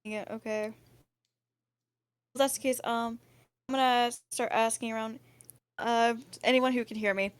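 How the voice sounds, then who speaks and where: Woman, player in a tabletop game, slightly high pitch, chatty and reactive, dry close mic. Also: fairly even intonation, clean tone, no echo. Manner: chatty, quick to react, self-deprecating. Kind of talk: casual tabletop game chat.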